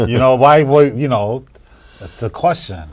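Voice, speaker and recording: A man hosting an interview show, asking persistent questions in a soft, trailing way and laughing often. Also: medium pitch, unhurried, dry recording. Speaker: show host. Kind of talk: casual interview chat.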